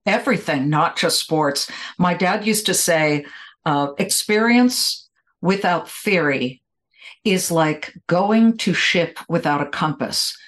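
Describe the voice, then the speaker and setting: A woman's voice: lowish voice, animated, slow pace. A woman hosting an interview podcast, eagerly setting up her guest's stories for listeners. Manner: enthusiastic, sets up stories for listeners. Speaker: host.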